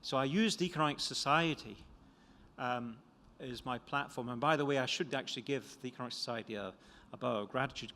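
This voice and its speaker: A man's voice: medium pitch, fast talker, pushed and bright. An older man with a Scottish accent giving a conference talk about his book, rambling and self-deprecating, with many restarts. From Scotland. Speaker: economist presenting a book. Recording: lecture hall reverb.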